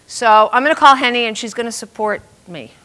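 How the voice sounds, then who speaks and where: An older woman telling a funny personal story to a live audience, lively and self-mocking, acting out the voices of the people in it. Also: fairly high pitch, brisk. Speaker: storyteller on stage.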